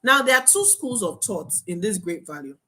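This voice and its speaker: Young woman coach teaching a webinar, emphatic, animated. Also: mid-range voice, normal speed. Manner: animated, emphatic, laughs and acts out students' voices. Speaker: marketing coach.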